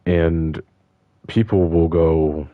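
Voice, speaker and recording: A man's voice: deep voice, steady tone, very slow, dry recording, narrow, tinny audio. An upset man from the United States ranting in frustration and swearing constantly. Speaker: vlogger. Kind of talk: angry casual rant.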